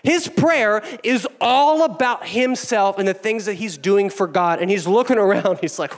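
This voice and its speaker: A man's voice: high-pitched, lively intonation, moderate pace, hardly any pauses. Joking, self-deprecating male pastor. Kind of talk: sermon.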